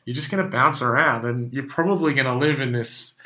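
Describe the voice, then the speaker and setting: Bright-voiced man with a strained voice. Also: mid-range voice, fairly quick. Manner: blunt, emphatic, swears when making a point. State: losing his voice. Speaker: podcast host. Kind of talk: casual solo podcast monologue.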